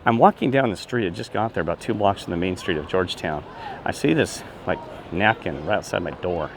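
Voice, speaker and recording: Excitable rambling man talking outdoors near traffic. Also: deep voice, fairly quick. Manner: excitable, meandering, repeats exclamations of disbelief. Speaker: self-described street minister. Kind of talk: rambling casual vlog storytelling.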